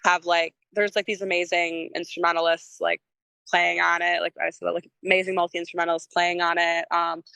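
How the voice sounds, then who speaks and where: Bright-voiced woman telling a rambling story. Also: on the low side, level tone, a little fast, gravelly, smooth, dry recording. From Michigan. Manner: rambling storytelling with lots of fillers and laughter; acts out quoted lines in a raised voice. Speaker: guest musician. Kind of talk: casual interview chat.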